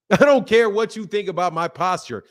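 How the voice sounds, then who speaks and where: A man's voice: high-pitched, moderate pace. A middle-aged man hosting a boxing live stream from his home desk, taunting and mocking a caller and laughing often while leaning into his computer mic. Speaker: boxing channel host. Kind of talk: heated live-stream argument.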